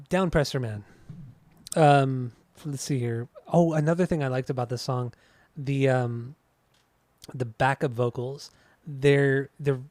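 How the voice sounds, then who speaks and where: A man co-hosting a music podcast in casual chat, relaxed and enthusiastic as he talks through the music. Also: medium pitch, dry recording. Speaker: podcast co-host.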